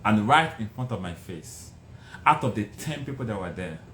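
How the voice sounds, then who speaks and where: A middle-aged man with a Nigerian accent, speaking as a motivational speaker, tells his life story in an emphatic, animated way with dramatic repetitions. His voice is fairly low at a normal speed, in a roomy recording with faint noise.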